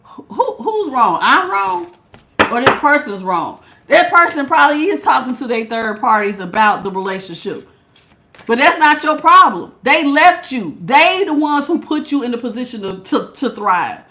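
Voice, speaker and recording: A high, bright-voiced woman delivers a tarot reading in a sassy, emphatic, slangy way. Her tone is lively and sharp, and she talks with punchy attitude. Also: normal speed. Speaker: tarot reader. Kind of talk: casual tarot reading monologue.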